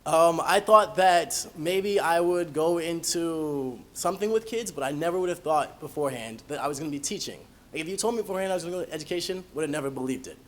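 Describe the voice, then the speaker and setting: A young man, a college student, telling humorous personal stories in an animated, self-mocking way. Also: a little high, fast talker, hardly any pauses. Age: young adult.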